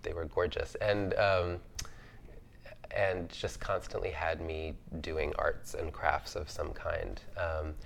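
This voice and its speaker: Low gravelly man recalling his youth. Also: level tone, takes it slowly, slight background noise. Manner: thoughtful, many fillers, laughs easily. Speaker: artist on a roundtable panel. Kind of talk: reflective conversational storytelling.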